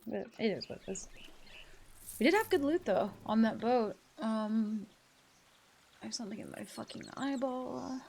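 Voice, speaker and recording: A woman's voice: a little high, lively intonation, normal speed, vocal fry, long pauses, a little mellow, a little hiss or hum. A woman live-streaming a game, chatting casually with her viewers, swearing freely and laughing often. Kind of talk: casual live-stream chat while gaming.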